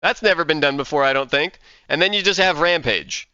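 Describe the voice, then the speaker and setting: A man casually reading out game skill text and reacting with excitement, a little sleepy and yawning. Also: fairly high pitch, brisk, clear, resonant tone, dry recording, highs cut off. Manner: enthusiastic, reads game text aloud then reacts. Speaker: gaming content creator.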